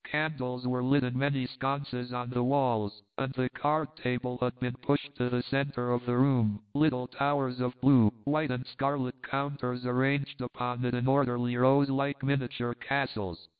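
A man's voice: mid-range voice, little pitch movement, a little slow, few pauses, clean tone. A man narrating a novel, occasionally reading punctuation aloud. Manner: reads punctuation aloud at times. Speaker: audiobook narrator. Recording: tinny phone-like sound.

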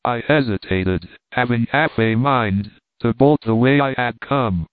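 A man narrates a story in a steady, measured voice of middling pitch. The sound is thin and phone-like, and it is dry and close, with no room around it. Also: dry recording. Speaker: audiobook narrator. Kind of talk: scripted narration. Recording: tinny phone-like dry recording.

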